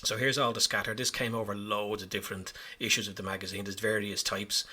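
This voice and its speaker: A man's voice: lowish voice, flat delivery, fairly quick, sharp tone, breathy edge. A man talking casually over his hobby footage in a chatty, self-mocking way, rambling as he explains each step. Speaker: hobby vlogger.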